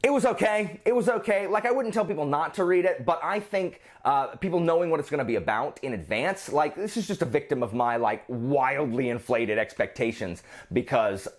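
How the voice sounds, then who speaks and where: A man talks through his monthly reading in a loose, chatty book vlog. His pitch swings widely and animatedly as he goes. He rambles, doubles back and restarts sentences mid-thought. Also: expressive, normal speed, few pauses. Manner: rambling, self-interrupting, frequent restarts. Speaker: book reviewer. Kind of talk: casual book review vlog.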